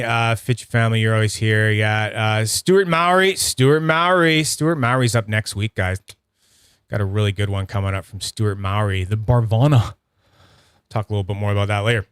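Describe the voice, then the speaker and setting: A man's voice: fairly low pitch, fairly bright tone, smooth, dry recording, studio quality. A man hosting a casual livestream review, rambling and chatty, swearing freely and greeting viewers by name. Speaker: host of a livestream review channel.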